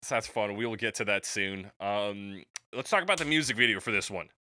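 A man's voice: on the low side, a little fast, pushed and bright, a little hiss or hum. Laid-back man co-hosting a podcast. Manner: laid-back, hesitant, with fillers. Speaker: podcast co-host. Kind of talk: casual chat about music.

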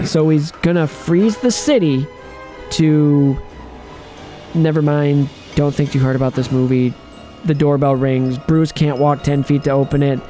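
A man's voice: a little high, steady tone, unhurried, warm tone, soft background music. Sarcastic man in casual movie chat. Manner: sarcastic, joking, laughs often. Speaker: podcast co-host.

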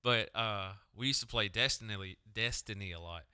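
A man's voice: lowish voice, normal speed, pushed and bright, smooth, dry recording, clean studio sound. A man co-hosting a podcast, swearing constantly and telling rambling stories in casual chat. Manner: swears constantly, tells stories in funny voices. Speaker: podcast co-host.

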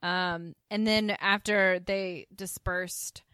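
A woman's voice: fairly low pitch, slow pace, smooth, no echo, clean studio sound. A woman co-hosting a podcast, casually recapping a TV episode and acting out the characters' lines. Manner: acts out characters' lines with lively voice shifts. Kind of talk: casual chat.

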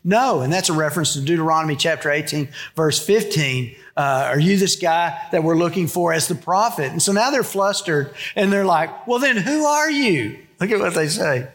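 A man's voice: on the high side, fairly quick, hardly any pauses, fairly bright tone. A middle-aged man, a pastor preaching a sermon in a conversational way and acting out the quotes.

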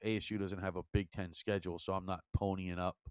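A man co-hosting a hockey talk show, measured and dry, counting points out carefully. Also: deep voice, little pitch movement, clear, resonant tone, dry recording. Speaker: hockey analyst, co-host. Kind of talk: casual hockey chat.

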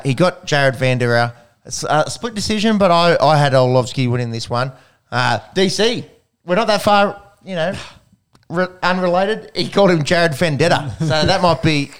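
A man's voice: fairly high pitch, lively intonation, moderate pace. A man hosting a casual sports podcast, jokey and swearing casually. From Australia. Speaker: podcast host.

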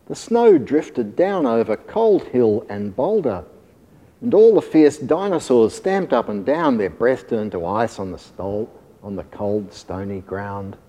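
A man's voice: medium pitch, measured pace. Man reading a rhyming storybook aloud. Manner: expressive, sing-song. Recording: long hall reverb.

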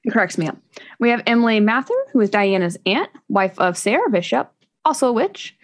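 A woman's voice: a little high, animated, brisk. Chatty, rambling woman podcast host. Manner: chatty, rambling, laughs often. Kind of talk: casual chat book review.

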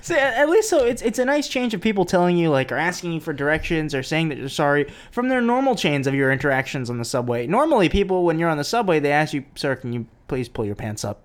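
A man's voice: fairly high pitch, sing-song, fast talker, few pauses. A man co-hosting a casual chat, dropping dry, wry quips.

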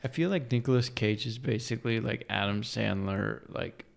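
A man's voice: on the low side, normal speed, vocal fry. A man co-hosting a podcast, chatting casually and throwing in quips and tangents. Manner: quippy, throws in jokes and tangents. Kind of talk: casual chat.

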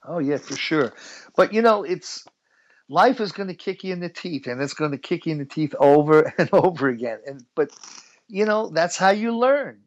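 A man's voice: fairly high pitch, lively intonation, normal speed, lo-fi sound. A middle-aged man from the United States telling stories as an interview guest, chatty and laughing often. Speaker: guest musician. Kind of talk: relaxed storytelling interview.

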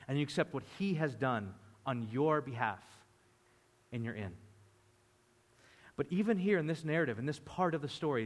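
A man preaching a sermon as a pastor, telling the story with lively energy and playing the disciples' voices. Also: mid-range voice. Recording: long hall reverb.

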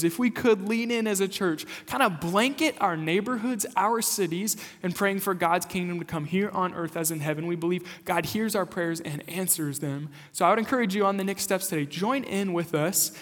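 A young-adult man from rural Kansas, a lead pastor giving a conversational, animated sermon and asking the congregation questions. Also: high-pitched. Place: church sanctuary. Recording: long hall reverb.

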